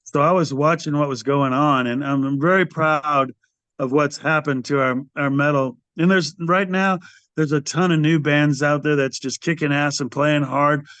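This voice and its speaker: On the high side and clear, his resonant voice comes at normal speed without any room sound. As a guest, this older metal band frontman rambles through stories in a casual interview, vividly acting out quoted voices. The podcast audio sounds dry and muffled.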